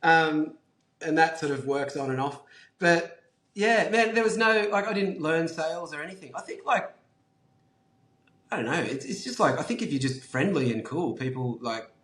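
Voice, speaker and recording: A man's voice: fairly high pitch, animated, moderate pace, a bit bright. A man in his forties with an Australian accent, chatting casually as an interview guest, laid-back, swearing and full of fillers. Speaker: guest entrepreneur. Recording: roomy echo.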